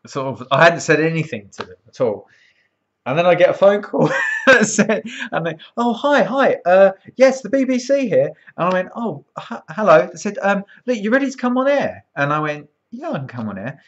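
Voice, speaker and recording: A man's voice: on the high side, fairly quick. A man telling a long story casually, acting out the people he quotes, with lots of ums and restarts. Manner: animated, acts out quoted voices, frequent ums and restarts. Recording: dull lo-fi sound.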